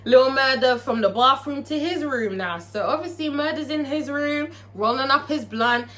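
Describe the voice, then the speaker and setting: A woman recapping a TV episode in a casual vlog, profane and excitable, tagging her lines with "okay?". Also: high voice, normal speed. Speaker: TV show reviewer.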